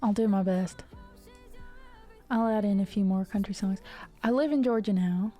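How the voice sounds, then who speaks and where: A woman from the Ohio River Valley chats loosely with her stream viewers, wandering between thoughts with plenty of fillers. Her voice sits at a middle pitch with a soft, mellow tone. Quiet music plays underneath. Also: normal speed. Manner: chatty, rambling, many restarts and fillers. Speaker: music livestream host. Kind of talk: casual chat with stream viewers.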